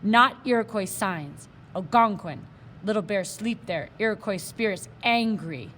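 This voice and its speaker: A woman's voice: mid-range voice, expressive, measured pace, fairly bright tone, a little hiss or hum. A woman reading aloud, voicing a tiny stern warrior toy come alive as a grown man, speaking in clipped broken phrases. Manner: clipped broken speech, commanding.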